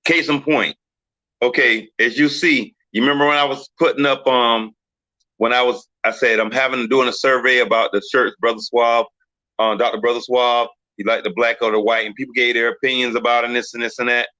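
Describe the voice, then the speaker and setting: Bright-voiced man telling stories animatedly. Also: medium pitch, brisk, dry recording, lo-fi sound. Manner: animated storyteller, acts out quoted voices. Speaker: podcast host. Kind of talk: casual discussion.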